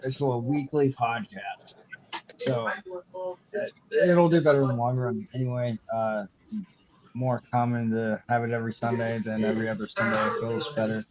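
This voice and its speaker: A man hosting a podcast, opening the show with casual talk in a relaxed, low-key way. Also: moderate pace, over a noisy crowd, rough recording. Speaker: podcast host.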